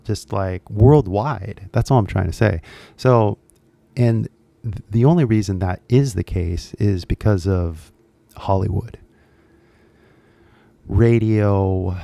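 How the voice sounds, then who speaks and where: On a casual livestream, a Californian-accented English teacher switches between languages, sprinkling in plenty of fillers. His voice sits on the low side with vocal fry and a warm tone, and there's no room sound.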